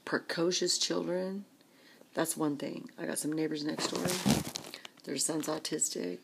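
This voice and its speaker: A woman's voice: sits low, steady tone, measured pace, creaky, noisy background. A woman ranting in a casual vlog, exasperated and complaining, often dropping to a whisper. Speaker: vlogger.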